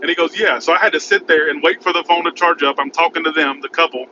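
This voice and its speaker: Man, casual vlog story, rambling and frantic, fairly high voice, muffled sound, road noise behind. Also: fast talker. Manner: rambling, frantic, repeats "oh my God". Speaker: vlogger. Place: in his car by a highway.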